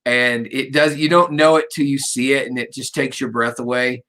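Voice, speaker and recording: A middle-aged man hosting a casual interview, rambling warmly through personal stories and cracking jokes. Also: medium pitch, steady tone, normal speed. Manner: rambling, storytelling, jokey. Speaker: radio show host.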